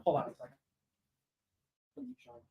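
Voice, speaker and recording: A casual livestream voice from a fan film creator who rambles and thinks out loud. The talk wanders, loose and unscripted, with swearing sprinkled throughout. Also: mid-range voice, big pitch swings, normal speed, creaky, slightly rough, muffled recording.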